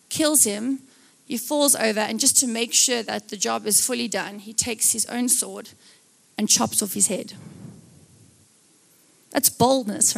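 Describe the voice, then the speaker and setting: A woman preaching a live church sermon, acting out Bible scenes in lively voices. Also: a little high, vocal fry.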